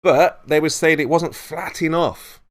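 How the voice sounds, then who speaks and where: A man's voice: fairly high pitch, steady tone, measured pace. A man in an online debate, interrupting and lecturing his opponent.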